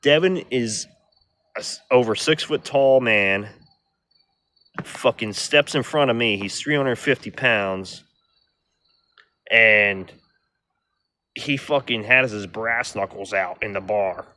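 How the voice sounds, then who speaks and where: Middle-aged man, lowish edgy voice, swears a lot, rambles through a casual story. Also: slow pace, long pauses, bright, forceful tone. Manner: rough, profane, rambling delivery. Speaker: vlogger telling a story.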